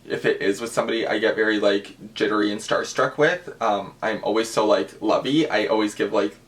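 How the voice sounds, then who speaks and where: A man's voice: on the low side, brisk. A young man, telling a celebrity-meeting story in a casual vlog, gushing and full of fillers. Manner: gushing, animated, with many fillers. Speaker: vlogger.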